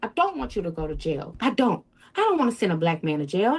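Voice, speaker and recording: A woman's voice: mid-range voice, sing-song, fast talker, breathy edge. A woman telling her own story as an interview guest, often quoting others and swinging her voice up and down. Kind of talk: emotional first-person account.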